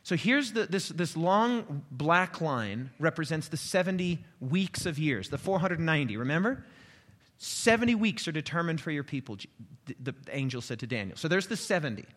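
A man preaches a sermon with a somewhat high voice, swinging from loud, dramatic declaiming to hushed asides. His voice rings out with a long reverb, as if recorded in a large hall. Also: animated, moderate pace.

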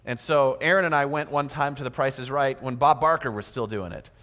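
A man's voice: mid-range voice, fairly quick, fairly bright tone. A man giving a sermon in a church, acting out little everyday scenes with quoted voices. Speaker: preacher. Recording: long hall reverb.

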